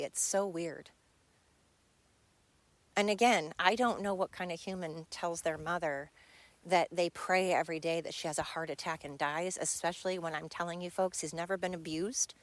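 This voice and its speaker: A woman's voice: fairly low pitch, a bit bright, no echo. Middle-aged woman podcaster, blunt and swearing, dry close-miked sound. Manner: blunt, frustrated, swears freely. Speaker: podcast host. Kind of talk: personal monologue. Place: home. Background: dog nearby.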